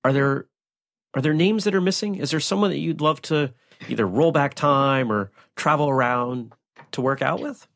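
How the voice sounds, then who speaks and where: A man hosting a podcast interview, asking measured, reflective questions. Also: a little high, creaky, a bit bright. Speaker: podcast host.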